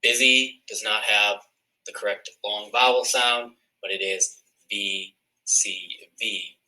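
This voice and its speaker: Bright-voiced man teaching phonics. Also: on the low side, fairly even intonation, takes it slowly, rough recording. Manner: clear, step-by-step explaining. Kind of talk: recorded phonics lesson.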